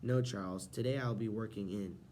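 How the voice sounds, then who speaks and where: A man reading an audiobook, voicing a playful, theatrical older gentleman who speaks grandly and deliberately. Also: fairly low pitch, slight background noise, natural voice.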